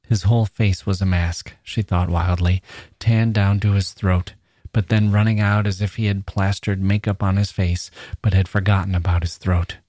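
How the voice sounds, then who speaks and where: A man who hosts a podcast, reading a short story aloud at a measured, dramatic pace. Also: low-pitched, a little mellow, no echo, clean studio sound. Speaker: podcast host.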